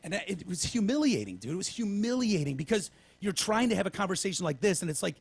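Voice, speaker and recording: A man from Michigan, a podcast co-host telling a long story in casual, profane talk. He drops to hushed whispers when quoting himself. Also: sits high, big pitch swings, fast talker, creaky, slightly rough.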